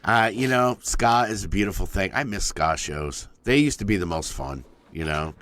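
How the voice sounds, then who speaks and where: A man with a very deep voice that still swings widely in pitch. He jokes around in an easygoing way and fills his sentences with "um" and "you know". The talk is a relaxed podcast conversation. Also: moderate pace. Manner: laid-back, joking banter with frequent fillers. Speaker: podcast co-host. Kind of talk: casual chat.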